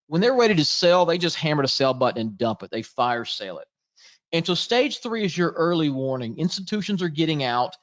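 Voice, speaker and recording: A man's voice: on the high side, dull audio. A man presenting a live trading webinar, chatty and jokey, greeting viewers in the chat as he goes.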